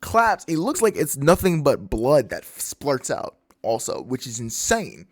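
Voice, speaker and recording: Man, manga recap host, animated pitch, excited slang, vocal sound effects. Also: measured pace. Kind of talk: casual chapter recap.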